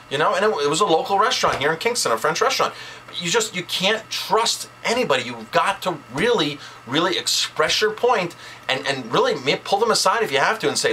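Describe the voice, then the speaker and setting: A male chef talks straight to camera in an outraged vlog rant. His voice is bright and forceful, and he stresses his points by repeating words. Faint noise sits under the recording. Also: high-pitched, poor audio.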